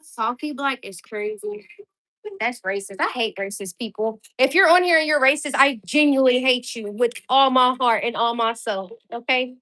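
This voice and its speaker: A woman's voice: on the high side, normal speed, pushed and bright, no echo. A young woman from Louisville, a mother and content creator chatting bluntly and directly with her viewers at home. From Louisville, Kentucky. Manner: blunt, talkative, speaks straight to viewers. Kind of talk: casual live chat with viewers.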